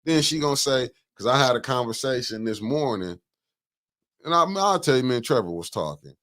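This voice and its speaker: A man hosting a casual political talk show, talking in an animated, emphatic way, repeating words and cutting in. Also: mid-range voice, a little fast. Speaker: host.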